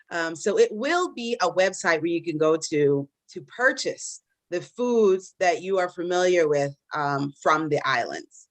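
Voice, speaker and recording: A woman's voice: on the low side, expressive, measured pace, few pauses, no echo. Chatty woman hosting a live debate. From Caribbean diaspora in the US. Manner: chatty, many fillers and restarts, self-deprecating. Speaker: podcast host and debate moderator. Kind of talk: casual live-stream moderation.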